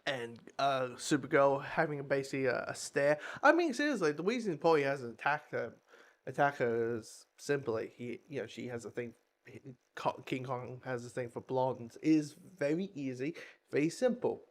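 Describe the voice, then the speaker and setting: A man's voice: medium pitch, lively intonation, moderate pace. A man giving a casual, rambling spoken review of a comic, with frequent restarts, swearing and laughing at himself.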